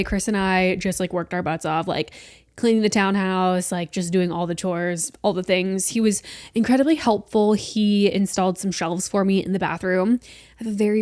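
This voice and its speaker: A young woman in her twenties talks through her week on a solo podcast, chatty and rambling, quick to poke fun at herself. Her voice sits at an ordinary middle pitch. It is recorded close on a podcast mic in a dry room with no echo. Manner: chatty, rambling, self-deprecating. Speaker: podcast host. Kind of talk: casual solo podcast chat. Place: small room at home.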